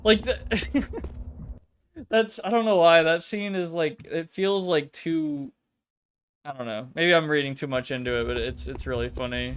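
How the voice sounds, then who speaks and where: A man's voice: on the high side, moderate pace, a bit bright, clean tone. A man streaming from home, chatting casually in a rambling, profane way. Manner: rambling, swears a lot, mock-dramatic reading. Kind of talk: casual chat.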